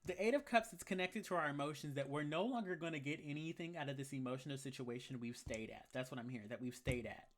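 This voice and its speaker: Sassy tarot reader doing a live reading, blunt and slangy, keeps repeating lines to hammer them home. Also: mid-range voice. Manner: repeats key phrases for emphasis; answers live chat comments mid-reading.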